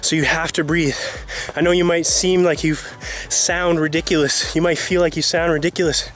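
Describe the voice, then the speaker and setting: A man's voice: a little high, level tone, normal speed, a bit bright. A man coaching football fitness in an instructional vlog, out of breath and sighing between encouraging phrases, outdoors.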